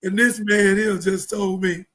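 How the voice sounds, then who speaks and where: The audio is low quality as a middle-aged live show host, speaking in a level tone and a little slowly, works through a fervent, sermon-like monologue. Scripture and rhetorical questions fill it, and his volume shifts from loud outbursts down to quiet mutters.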